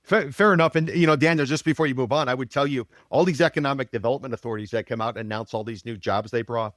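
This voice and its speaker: A man co-hosts a podcast, talking quickly in a middle-pitched voice. His takes are blunt and skeptical, and he delivers them briskly in a close, dry sound. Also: fairly bright tone, dry recording. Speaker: podcast co-host, market analyst. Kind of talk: casual podcast chat.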